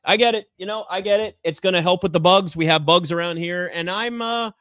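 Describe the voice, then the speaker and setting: A man's voice: sits high, a little fast, fairly bright tone, smooth, no echo. A man hosting a live basketball draft show from a garage set, chatting casually and rambling with self-deprecating asides. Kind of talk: casual live sports chat.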